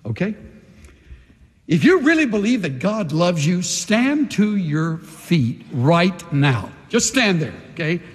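A man preaching a sermon as pastor, emphatic, with slow dramatic pauses between phrases. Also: high-pitched, sing-song. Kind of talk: sermon with altar call. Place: large church sanctuary. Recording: long reverb in a large hall.

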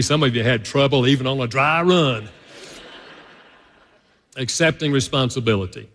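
A male pastor preaching a conversational sermon, telling stories and jumping up high in pitch for emphasis. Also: a bit bright. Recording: long reverb of a large hall.

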